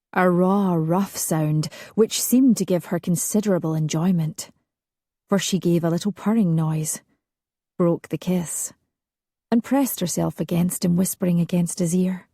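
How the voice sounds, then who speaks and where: A woman narrates a historical romance in a slow, hushed, sensual reading. Her voice sits low, husky and mellow. It is recorded dry and close with no room sound. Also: no room sound. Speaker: audiobook narrator.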